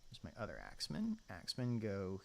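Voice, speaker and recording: A man's voice: lowish voice, huge pitch swings, fairly quick, vocal fry, slight background noise. A man giving casual gameplay commentary as a streamer, chatty and thinking aloud while he sets up his army. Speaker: game streamer.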